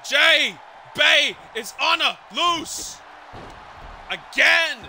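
A man calling a wrestling match as commentator, with excited play-by-play that keeps breaking into shouts, exclamations and swearing. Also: very high voice, very slow, creaky, a little hiss or hum.

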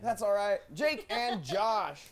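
A man's voice: sits high, expressive, takes it slowly, over a noisy crowd. A man hosting a live improv show, introducing games with wry quips.

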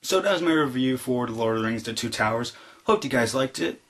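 A man talks through a movie review in a relaxed, unscripted way. His voice sits at an ordinary middle pitch. He leans on constant fillers and breaks into eager bits of acting out what the characters say. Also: fairly quick. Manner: rambling retelling full of "like" fillers; excitedly re-enacts quoted lines. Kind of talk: casual spoken film review.

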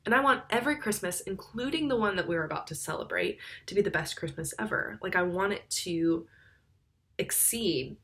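A woman's voice: medium pitch, expressive, normal speed, a bit bright. A woman giving a conversational youth sermon, with wry, sarcastic asides.

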